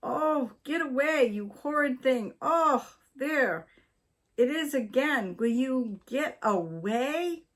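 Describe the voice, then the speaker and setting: Woman reader doing a fussy storybook wife: high, shrill, scolding. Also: lively intonation, slow. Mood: alarmed. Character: fussy flustered older wife.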